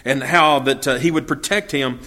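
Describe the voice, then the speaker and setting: Bright-voiced man teaching a Bible study. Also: mid-range voice, normal speed. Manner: reads old scripture, then explains it in plain, folksy talk with fillers.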